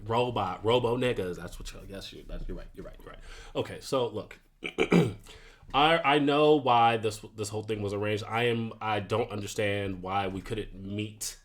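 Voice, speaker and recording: A man's voice: lowish voice, normal speed. A man playing a tabletop game who talks in character, stammering and restarting his sentences. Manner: stammering, rambling, restarts often. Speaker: player.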